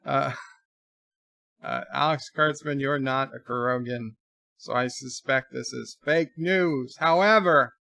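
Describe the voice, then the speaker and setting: A man's voice: on the high side, creaky, pushed and bright, clear, resonant tone, no echo. A man hosting a casual live stream, reading viewer letters aloud and riffing on them with jokes, in a rambling way. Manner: rambling, reads letters aloud and riffs jokingly. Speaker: livestream host answering viewer letters. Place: home room.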